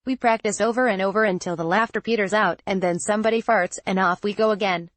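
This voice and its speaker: A woman reads a memoir excerpt aloud in a steady, measured way, keeping quoted lines close to her narrating voice. Her pitch sits in a middle range. The recording is close and dry, with no room sound. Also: no room sound.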